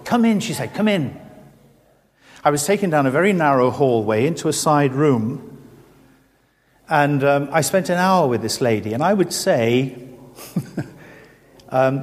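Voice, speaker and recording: A middle-aged man preaching in a church hall, earnest and full of rhetorical questions. His mid-pitched voice carries a long reverb from the room. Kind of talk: sermon.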